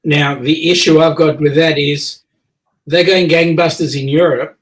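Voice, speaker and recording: A man's voice: fairly high pitch, fairly even intonation, a little slow, rough recording. A man with an Australian accent hosting a casual online chat show, joking and teasing his guests as he reads the chat. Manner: jokey, chatty, teasing guests. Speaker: host.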